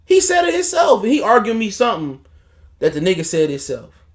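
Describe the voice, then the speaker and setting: A man's voice: sits high, huge pitch swings, fairly quick. A man hosting a casual boxing livestream, ranting in a heated, profane, mocking way. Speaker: boxing talk show host.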